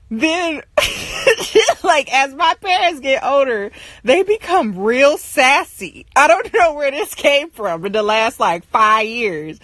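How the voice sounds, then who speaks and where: A woman's voice: high voice, fairly bright tone, dry recording. A young woman telling stories to her viewers in a casual, exasperated way, often laughing as she rants. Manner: ranting, exasperated. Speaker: livestream host.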